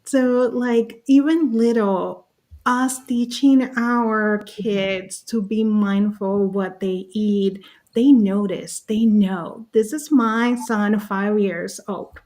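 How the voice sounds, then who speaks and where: A woman on a video call telling animated personal stories as a summit panelist, acting out the voices in them. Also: mid-range voice, takes it slowly. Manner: lively, acts out voices in her stories.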